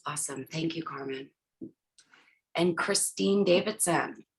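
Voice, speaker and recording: Upbeat woman moderator, slightly low voice, casual video-call panel. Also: unhurried. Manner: upbeat, introduces others.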